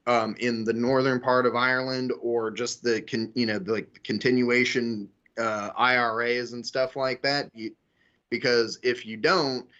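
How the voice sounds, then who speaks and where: A man talking politics in a casual discussion, hesitating and restarting as he goes, padding his sentences with filler words. His voice sits at an ordinary middle pitch. The recording is dull and lo-fi. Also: fairly bright tone. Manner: halting, heavy with "you know" fillers. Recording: dull lo-fi audio.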